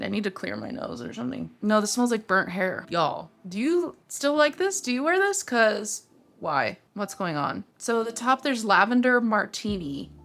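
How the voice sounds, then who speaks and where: A woman's voice: fairly low pitch, fairly bright tone. A woman in her thirties chatting expressively as she reviews perfumes in a casual vlog, reacting aloud as she smells each one. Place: home room with a fan running.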